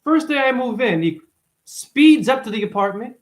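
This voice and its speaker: A man from Boston rambling on a livestream, animated and swearing, jumping between topics and acting out the people in his stories. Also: very high-pitched, moderate pace. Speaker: livestream host.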